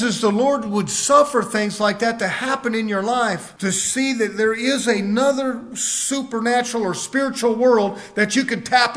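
A man's voice: very high-pitched, a bit bright. A middle-aged man preaching a sermon, telling a personal story and rising to emphatic outbursts.

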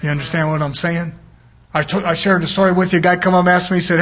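A middle-aged male preacher with a notably high-pitched voice delivers a sermon. He speaks in a plain, folksy way and keeps driving his points home, checking in with the congregation through pointed rhetorical questions. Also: fast talker, a bit bright. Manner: emphatic and folksy, prodding listeners with rhetorical questions.

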